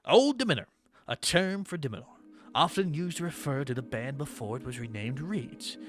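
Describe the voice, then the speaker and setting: A man playing a game demo who reads its narration aloud and breaks off into quick, dramatic reactions. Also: medium pitch, a bit bright. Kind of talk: let's-play commentary, reading game text aloud.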